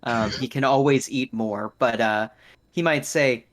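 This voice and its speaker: A man's voice: mid-range voice, unhurried, a bit bright. A man playing a tabletop game, easygoing and chatty. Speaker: player. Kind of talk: casual tabletop game chat.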